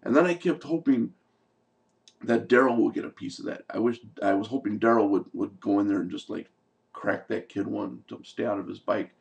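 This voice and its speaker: A man's voice: on the low side, moderate pace, gravelly, a little mellow, far from the mic. A man giving a heated, profane, exasperated recap of a TV episode in a casual rant. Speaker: TV show commentator.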